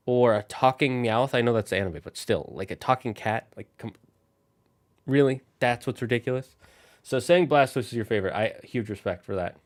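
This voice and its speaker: A man's voice: medium pitch, animated, a little fast. A man streaming a video game while chatting loosely with his viewers in a rambling, casual way. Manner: rambling, talks straight to his chat. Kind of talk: casual live-stream chat while gaming.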